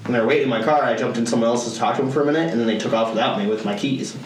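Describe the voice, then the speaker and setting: Speaking very fast in a mid-range voice, a young man chats casually as a podcast co-host, telling loose, profane stories and laughing often. A distant mic captures him in an echoey room with faint background noise.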